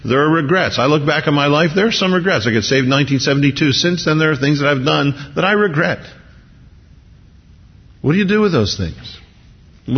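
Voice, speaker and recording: A man's voice: mid-range voice, husky. A man preaching a sermon as pastor, talking conversationally with rhetorical questions and frequent restarts. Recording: dull lo-fi recording with long hall reverb.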